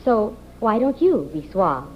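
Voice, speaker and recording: A woman delivers a live TV commercial in a persuasive, upbeat sales pitch. Her pitch swings widely as she stresses the selling points. The sound is dull and muffled, with a faint hiss behind it. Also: sing-song, unhurried. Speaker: commercial presenter. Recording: dull off-air TV recording.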